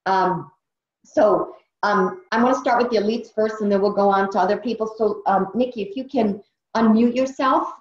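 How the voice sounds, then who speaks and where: A woman's voice: mid-range voice, moderate pace. Woman host, tired and heartfelt, repeats herself for emphasis; roomy, muffled call sound. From Brazil. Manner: earnest, emotional, repeats phrases for emphasis. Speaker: training host. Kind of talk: motivational team training on a video call. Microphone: video call. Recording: dull roomy video call audio.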